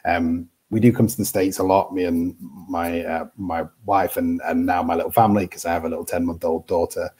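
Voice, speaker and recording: A man's voice: sits low, fairly even intonation, brisk, few pauses, mellow, husky. A British man in his thirties, a guest analyst on a casual podcast, talking hesitantly with many restarts. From United Kingdom.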